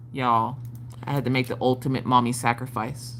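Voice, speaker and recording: On her craft live stream, a woman tells a story in a casual, exaggerated way, swearing freely and acting out the voices of family members. Her voice is very deep, with a level tone and normal speed.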